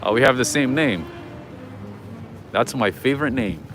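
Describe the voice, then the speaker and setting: A chatty man livestreams from an old-town street at night, talking into a handheld phone. He greets viewers and answers their comments in an easygoing way, at a mid-range pitch. Jazz plays clearly nearby. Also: moderate pace. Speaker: livestream host. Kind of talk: casual live walking-tour chat. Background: jazz music playing nearby.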